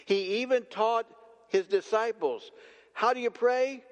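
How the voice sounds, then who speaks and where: A man preaching a sermon as pastor, dramatic and slowing his words for emphasis. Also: extremely high pitch. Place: church sanctuary. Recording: long church reverb.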